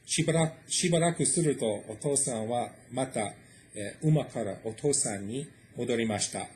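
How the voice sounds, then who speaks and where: A man's voice: mid-range voice, fast talker, a little mellow, slight background noise. A man reading a short story aloud and translating it line by line, explaining in a casual way with lots of fillers.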